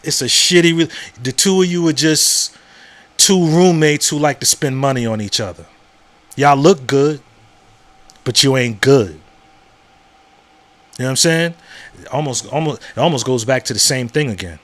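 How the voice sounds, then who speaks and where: A man's voice: medium pitch, moderate pace, pauses often, fairly bright tone. Male podcast host, casual monologue, blunt and repetitive, conversational. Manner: conversational, repeats words and asks "you know what I'm saying?"; frank and profane.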